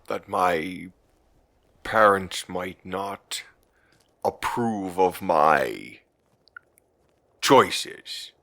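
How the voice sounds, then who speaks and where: A man voicing a gruff, nervous male brawler who swears bluntly. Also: sits low, expressive, fairly bright tone, voice pushed down, full character voice. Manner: blunt, swears, slow heavy delivery.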